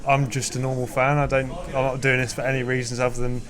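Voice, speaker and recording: A man's voice: mid-range voice, monotone, fast, fairly bright tone. English fan guy going off, swears a lot, passionate. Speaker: fan guest, protest organiser.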